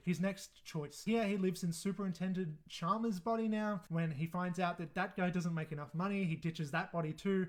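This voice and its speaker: A high-voiced man talking through his ranked list of episodes in a loose, rambling way. He swears freely, hedges his opinions and often apologizes for them. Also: a bit bright. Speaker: reviewer ranking episodes. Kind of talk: casual commentary.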